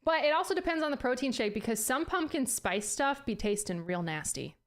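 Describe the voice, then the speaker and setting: Her voice sits high, with lively intonation and a brisk pace. On stream she chats casually, teasing herself, laughing often, and letting out the occasional curse as she stumbles over words.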